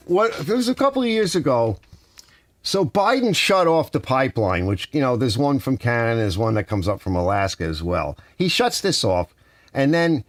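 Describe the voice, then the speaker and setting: Older guy ranting in his garage, sarcastic, pitch jumping all over, dry close sound. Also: no room sound. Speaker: garage channel host. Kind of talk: casual live-stream rant. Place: home garage workshop.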